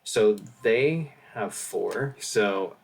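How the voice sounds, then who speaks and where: A man's voice: on the low side, expressive, very slow, gravelly, slightly rough. A man narrating as game master of a tabletop game, in a casual manner with fillers and laughs. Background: music.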